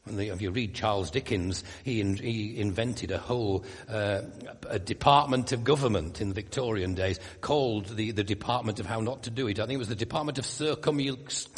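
A man's voice: lowish voice, fairly quick, hardly any pauses, breathy edge, long reverb tail. An older man from Yorkshire with a Yorkshire accent, preaching a sermon in a conversational way with wry asides and emphatic rises. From Yorkshire, England.

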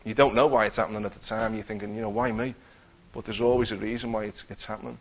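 Low, gravelly man testifying. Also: level tone, rapid-fire. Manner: earnest storytelling with many restarts. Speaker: testifying believer. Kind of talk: personal testimony.

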